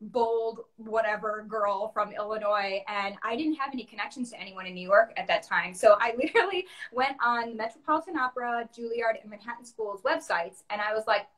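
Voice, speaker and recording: Lively, higher-voiced woman telling her story. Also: fast talker, few pauses. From Chicago, USA. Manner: animated, acts out her past self in quotes, laughs often. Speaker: guest opera singer. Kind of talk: casual interview storytelling.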